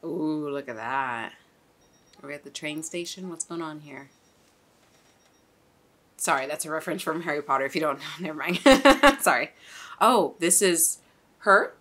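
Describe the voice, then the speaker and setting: A woman's voice: deep voice, expressive, normal speed, long pauses, a bit bright, a little hiss or hum. A young woman hosting a casual anime reaction, chatty and exclamatory, swearing and laughing as she talks.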